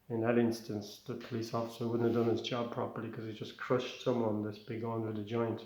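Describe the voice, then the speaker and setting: Brief: male stand-up from Ireland, rambling and excitable, recorded in an echoey room. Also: medium pitch, fairly quick, hardly any pauses. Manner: rambling, self-interrupting, excitable. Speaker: stand-up comedian. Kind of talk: comic storytelling.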